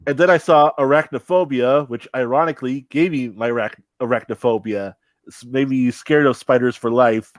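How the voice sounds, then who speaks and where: A young man talks loosely on a podcast, circling back with fillers and false starts. His voice sits at an ordinary pitch. The sound is dry and close, with no room around it. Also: steady tone, normal speed, no room sound. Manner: rambling, many restarts and fillers. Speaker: podcast co-host. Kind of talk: casual chat.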